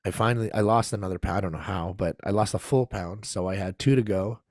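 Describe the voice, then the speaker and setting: A man casually telling a story on a podcast, animated and laughing as he acts out the people in it. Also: on the low side, quick pace, no echo, clean studio sound. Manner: animated, acts out quoted voices, laughs often. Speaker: podcast guest.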